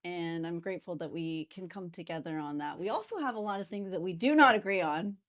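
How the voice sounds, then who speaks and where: A woman hosting a podcast interview, asking questions and backing up her guest with quick agreement. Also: lowish voice. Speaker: podcast host.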